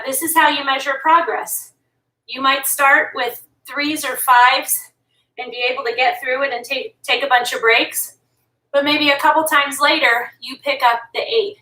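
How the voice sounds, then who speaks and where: High, bright woman coaching a workout. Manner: motivating, pushes listeners to keep going. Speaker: fitness instructor. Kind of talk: workout coaching while exercising. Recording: echoey room, distant from mic.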